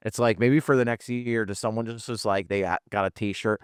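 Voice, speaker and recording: A man's voice: lowish voice, steady tone, a little fast, hardly any pauses, clean tone, dry recording, studio quality. A man with a Philadelphia accent co-hosting a podcast in casual, profane banter, rambling and slipping into joking voices. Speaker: podcast co-host.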